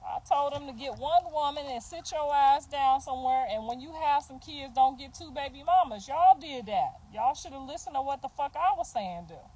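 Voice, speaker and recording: A middle-aged woman with a high voice delivers a heated, casual rant. She is profane, sassy and confrontational, and she laughs between her jabs as she speaks up for herself as a mother. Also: lively intonation, moderate pace, few pauses, warm tone, low-quality recording. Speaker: mother ranting on a livestream.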